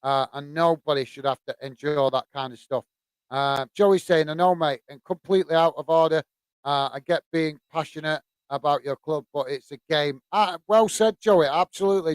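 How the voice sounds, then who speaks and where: Host type: man from the UK, halting casual chat, smooth voice, slightly higher pitch. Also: no echo. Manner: halting, many fillers and restarts. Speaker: host of a football channel. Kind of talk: casual live-stream chat reading out viewer comments.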